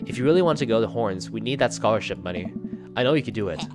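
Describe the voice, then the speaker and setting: A man plays a goofy, doting dad in a game, close to his own voice. He is lively and up and down in pitch, sometimes sentimental and sometimes deadpan mock-bureaucratic. Music plays underneath. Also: fast talker. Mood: tender. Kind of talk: reading game dialogue aloud.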